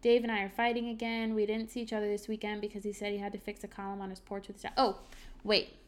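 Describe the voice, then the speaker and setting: A woman's voice: mid-range voice, completely flat delivery, fast talker. A young woman hosting a solo podcast, chatting candidly and reading from her journal with lots of ums and likes. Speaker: podcast host.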